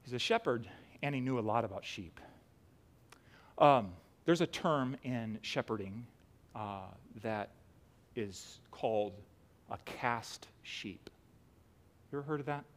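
A man's voice: mid-range voice, lively intonation, slow, pauses often. Impassioned man preaching a sermon. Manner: impassioned, swings from loud pleading to quiet earnest talk. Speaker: pastor. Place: church sanctuary.

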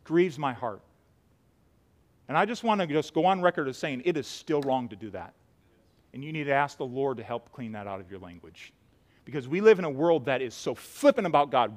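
A man preaching a sermon to a church congregation, swinging from loud pleading cries to quiet, earnest talk. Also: mid-range voice. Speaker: pastor. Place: church sanctuary.

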